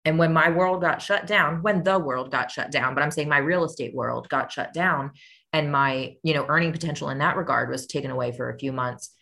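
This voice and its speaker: Low-voiced young woman guest. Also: brisk, creaky, sharp tone. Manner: earnest, upbeat explaining with fillers. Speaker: guest, real estate investor and author. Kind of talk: conversational interview.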